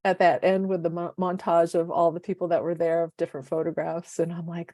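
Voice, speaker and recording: This podcast co-host, a woman in her fifties, tells her stories animatedly and voices the dialogue within them. Her pitch is on the low side and she talks a little fast, with dry, studio-quality sound.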